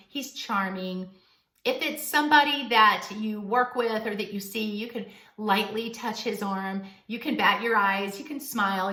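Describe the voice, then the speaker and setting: Animated woman giving dating advice. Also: medium pitch, reverberant. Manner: animated, playful, coaching tone with acted-out lines. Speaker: dating coach. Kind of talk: direct-to-camera advice vlog.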